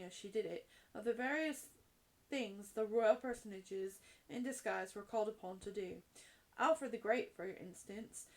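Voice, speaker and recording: Woman reading a storybook aloud. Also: mid-range voice. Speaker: audiobook reader.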